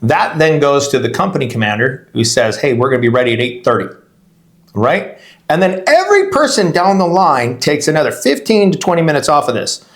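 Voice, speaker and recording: A man's voice: a little high, very animated, a little fast. A middle-aged man co-hosting a podcast, chatting casually in long rambling stories that he keeps interrupting and restarts, laughing as he goes. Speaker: podcast co-host, real estate agent.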